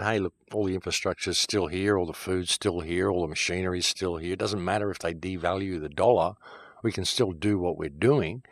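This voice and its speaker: Middle-aged male host, deep voice, dry close sound, fired-up rant from a shed studio. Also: no room sound. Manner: heated and emphatic, then calmer and wry. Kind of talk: ranting monologue to camera. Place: backyard shed studio in the countryside.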